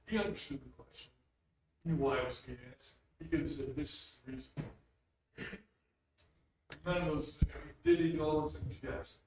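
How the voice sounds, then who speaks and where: A man's voice: fairly high pitch, moderate pace, long pauses, a little mellow, poor audio. A man in a Bible class, offering a comment and thinking aloud as he reasons it through. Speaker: class member. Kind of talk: comment during class discussion.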